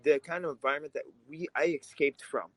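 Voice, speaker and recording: A man's voice: fairly high pitch, a little fast, fairly bright tone, a little hiss or hum, low-quality recording. A man who grew up in Russia, co-hosting a political podcast, talking in a heated, emphatic way. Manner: fired up, emphatic, swears when angry. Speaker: podcast co-host.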